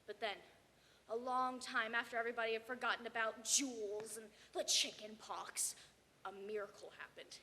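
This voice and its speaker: A teenage girl giving a theatrical competition performance, swinging between hushed and shouted lines. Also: a little high, steady tone, moderate pace, big-room sound, slight background noise. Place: banquet hall.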